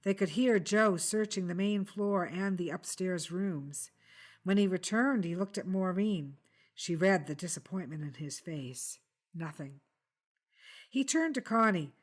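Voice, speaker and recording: A woman's voice: lowish voice, lively intonation, measured pace. Woman reading a crime story aloud. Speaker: author reading her fiction.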